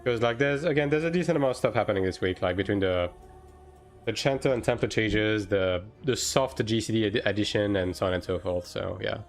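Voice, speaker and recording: A man chatting casually on a live game stream, answering chat with lots of fillers and quick bursts. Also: lowish voice, faint music behind.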